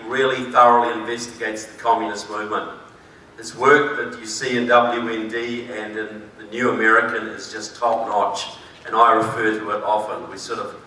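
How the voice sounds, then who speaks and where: A man's voice: medium pitch, pushed and bright. A man from New Zealand with a New Zealand accent giving a conference speech, folksy and joking, then emphatic. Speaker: conference speaker. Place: large conference hall. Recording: echoey hall, voice from far off.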